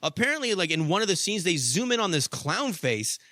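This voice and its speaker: A man's voice: sits high, sing-song, fairly quick, bright, forceful tone, dry recording, studio quality. A young adult man hosting a podcast, telling a story in a casual monologue, swearing freely and padding with "like" and "you know.". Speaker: podcast host.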